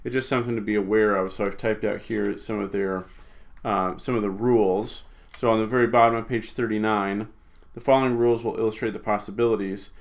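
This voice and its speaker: Man, fairly low voice, informal teacher, lots of fillers and restarts. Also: fairly even intonation, fairly quick. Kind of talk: recorded language lesson.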